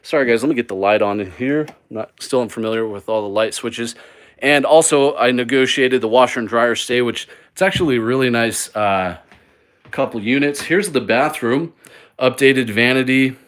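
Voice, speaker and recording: A man's voice: medium pitch, normal speed, fairly bright tone. A man hosting a live stream as he walks through a mobile home he is flipping, talking in an upbeat, rambling way with lots of fillers and restarts. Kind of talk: live walk-through vlog. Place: indoors in a small mobile home.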